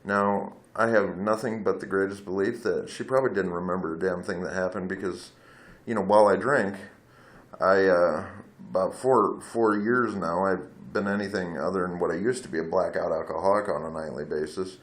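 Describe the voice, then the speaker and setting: A man's voice: sits low, steady tone, moderate pace. A man telling a rambling personal story into his phone camera, candid and blunt, swearing freely and wandering off on tangents. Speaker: vlogger.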